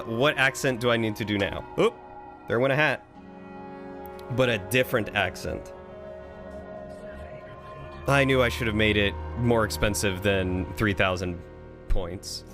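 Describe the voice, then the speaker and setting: A man's voice: on the low side, measured pace, pauses often, over music. A man streaming a game, chatting casually and poking fun at himself. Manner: chatty, self-mocking. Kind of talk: casual gameplay commentary.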